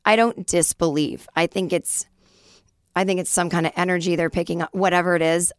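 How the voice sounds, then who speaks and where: A chatty woman in her forties tells a story on her podcast, acting out the people she quotes. Her voice sits low and is slightly raspy, recorded close and dry with no room sound. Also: fairly even intonation, a little fast, dry recording. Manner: chatty, self-deprecating, acts out quoted voices. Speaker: podcast host. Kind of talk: casual storytelling monologue.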